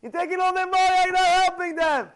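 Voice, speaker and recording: A man putting on a shrill defiant woman. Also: steady tone, fast, fairly bright tone. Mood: accusing. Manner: high-pitched, accusing rant. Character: defiant woman scolding the temple altar.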